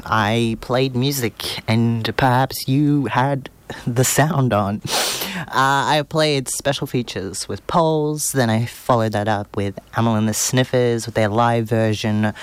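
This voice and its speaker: A man's voice: medium pitch, clean tone, no echo. A man hosting a community radio show in a small studio, chatting casually in a rambling, self-deprecating way. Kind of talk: casual on-air chat. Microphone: studio microphone.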